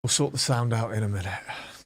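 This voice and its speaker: A man's voice: medium pitch, fast, no room sound. A man from southwest England, chatting casually and joking with his live-stream chat while coding, swearing freely.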